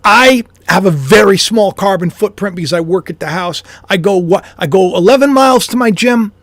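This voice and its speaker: A man's voice: high voice, normal speed, a bit bright, no room sound. A man, a YouTuber and author, rambling through a casual speculative monologue at home with self-deprecating asides and chuckles.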